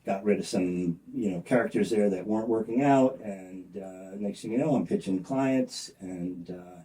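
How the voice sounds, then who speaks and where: A man's voice: low voice, moderate pace, warm tone. Guy rambling thru his story, lots of uh and you know, blunt salesman type, sounds kinda far off. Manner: rambling, many fillers and restarts. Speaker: interview guest. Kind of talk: casual storytelling interview.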